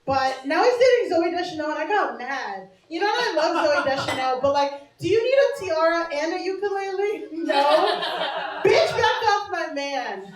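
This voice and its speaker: A woman doing stand-up with a bright, high voice and a loose, brash, chatty delivery. She laughs along at her own jokes. The sound is echoey and a bit distant from the mic, with a crowd laughing loudly behind her. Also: lively intonation, moderate pace, few pauses. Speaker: stand-up comedian. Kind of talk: stand-up set. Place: small comedy bar stage. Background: audience laughter.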